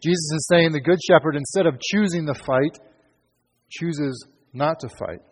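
Male pastor, husky voice, conversational emphatic sermon, long hall echo. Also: on the high side, normal speed. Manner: conversational, emphatic preaching with fillers.

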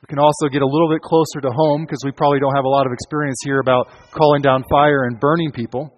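A man's voice: medium pitch, little pitch movement, fast talker. Man preaching in a reverberant hall. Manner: earnest, with frequent restarts and quoted lines. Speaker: pastor. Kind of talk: sermon.

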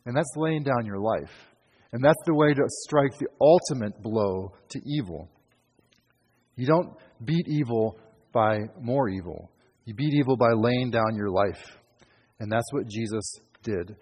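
Male pastor, husky voice, conversational emphatic sermon, long hall echo. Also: medium pitch, animated, measured pace, a little mellow. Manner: conversational, emphatic preaching with fillers.

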